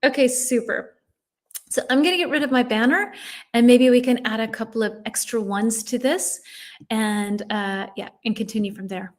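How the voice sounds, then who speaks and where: A middle-aged woman with a somewhat high voice runs a live English lesson from her own stream. She talks in a chatty way, reading out viewers' comments and answering them as she goes. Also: normal speed. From United States. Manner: chatty, reads viewers' comments aloud and reacts warmly. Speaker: English teacher.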